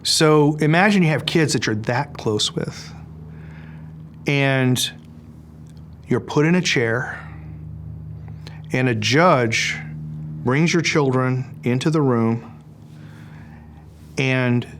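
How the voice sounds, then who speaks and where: A man's voice: mid-range voice, takes it slowly, pauses often, a bit bright, slight background noise. Earnest middle-aged man, emphatic. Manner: earnest, emphatic, with frequent restarts. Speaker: interview guest. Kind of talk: interview.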